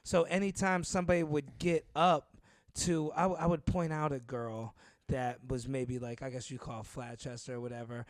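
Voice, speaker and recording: A man's voice: mid-range voice, level tone, normal speed, no room sound. A man, a stand-up comedian hosting the show, chatting casually and backing his guest with short replies. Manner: chatty, backs the other speaker with short replies. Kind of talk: casual chat.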